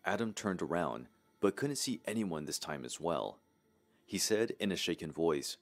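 A man narrating a scripted horror story in a steady, even way, with faint music behind him. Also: a bass voice, normal speed.

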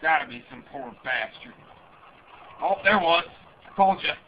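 A crude redneck gamer, played by a man, mutters and curses through a running play-by-play. His voice sits fairly high, and the home recording is muffled, with loud background noise. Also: animated, unhurried. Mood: grumbling. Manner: cursing, grumbling running commentary while playing. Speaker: gamer character in a comedy skit.

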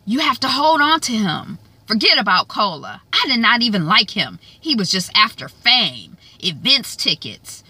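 A woman's voice: fairly high pitch, big pitch swings, normal speed, few pauses, pushed and bright, slightly rough, no echo, exaggerated voice. A woman voicing a bossy, meddling mother in a TV recap, scolding her daughters. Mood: scheming.

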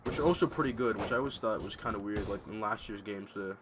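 A man's voice: fairly low pitch, fast talker, heavy background noise. A young man giving casual, ranting gameplay commentary at home, swearing freely. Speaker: gamer commentator. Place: home room.

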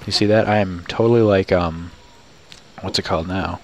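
A goofy man with a fairly low voice narrates his game playthrough in a loose, joking way. He keeps breaking into sudden high yelps of excitement. A faint hiss sits under the recording. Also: normal speed. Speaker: gamer. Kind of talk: casual let's play commentary.

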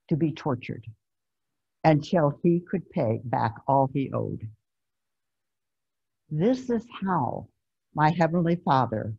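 A woman pastor's very deep voice, gravelly and husky, carries a sermon told as conversational, emphatic stories. She preaches over a video call, and the recording is dull and lo-fi.

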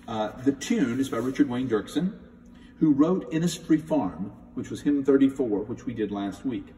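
A man's voice: medium pitch, expressive, moderate pace, warm tone, slight background noise. A middle-aged man, a church music director, giving a conversational talk on hymns and reading the texts aloud with emphasis. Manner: thoughtful, conversational, reads hymn texts with emphasis. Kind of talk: spoken hymn talk with readings. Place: large church sanctuary. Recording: echoey church from a distance.

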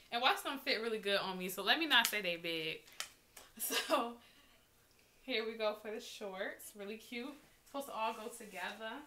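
A woman vlogger talking casually and excitedly to her viewers as she unboxes and tries on a small clothing haul. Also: medium pitch, background noise. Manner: chatty and excitable, talks straight to viewers.

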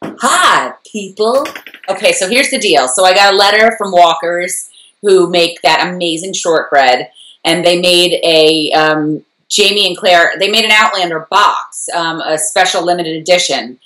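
A woman co-hosting a fan recap show, chatting casually and rambling with a quick laugh. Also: on the low side, pushed and bright, reverberant, rough recording. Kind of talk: casual chat.

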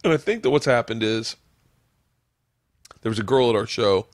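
Profane rambling podcast host, dry sound. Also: male voice, mid-range voice, moderate pace, no echo. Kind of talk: casual podcast chat.

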